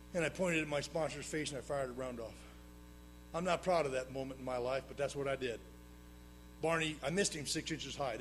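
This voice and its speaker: Here a man speaks to a live audience at a meeting about his own recovery. His manner is plain with dry humor, swinging from loud emphatic bursts to low hushed asides, and the recording has a little hiss or hum.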